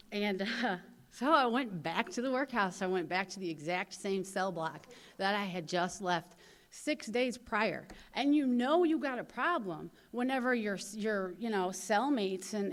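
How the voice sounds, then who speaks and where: Candid St. woman telling her story. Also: mid-range voice. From St. Louis, USA. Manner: candid, animated storytelling with frequent "you know". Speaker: recovery convention speaker. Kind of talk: personal recovery testimony.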